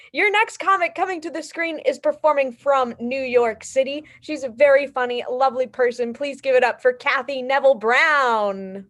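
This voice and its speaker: High-voiced upbeat woman host. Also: moderate pace, fairly bright tone. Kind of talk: introducing comics.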